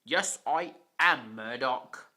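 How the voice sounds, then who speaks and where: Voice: medium pitch, lively intonation, slow, pushed and bright. A reader voicing a stern, pompous railway boss who scolds severely, in an amateur storybook reading. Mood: scolding.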